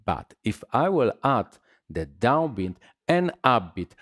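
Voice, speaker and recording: A man teaching salsa rhythm, counting beats and scatting the patterns aloud in halting English. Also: medium pitch, sing-song, fairly bright tone, slight background noise. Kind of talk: dance lesson explaining rhythm.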